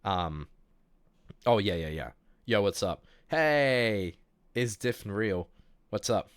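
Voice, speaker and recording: Male streamer, low voice, dry close sound, casual and rambling, unwell. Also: animated, takes it slowly, clean tone, no room sound. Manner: rambling, jokey, many fillers and restarts. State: sick. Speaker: livestream host. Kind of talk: casual chat reading viewer messages.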